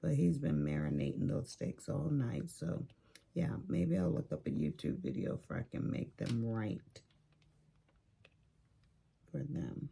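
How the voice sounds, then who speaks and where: A woman's voice: sits low, animated, measured pace, vocal fry, pauses often, mellow, slightly rough. A woman chatting casually while she crafts, telling stories about her family and neighbors with sassy asides. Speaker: craft vlogger.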